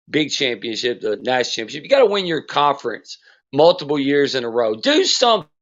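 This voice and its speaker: A man's voice: high voice, a bit bright. A man hosting a podcast, giving a blunt, profane sports rant in casual talk. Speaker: podcast host. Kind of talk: casual ranting monologue. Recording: dull lo-fi sound.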